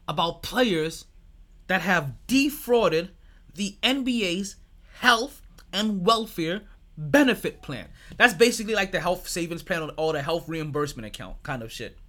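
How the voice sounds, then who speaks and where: A man hosting a sports podcast in casual chat, animated, swearing freely and laughing often. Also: high-pitched. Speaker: podcast host.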